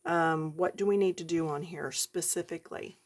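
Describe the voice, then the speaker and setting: A woman's voice: low-pitched, steady tone, moderate pace. A woman giving a chatty coloring lesson, talking directly to her viewers. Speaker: coloring tutorial host.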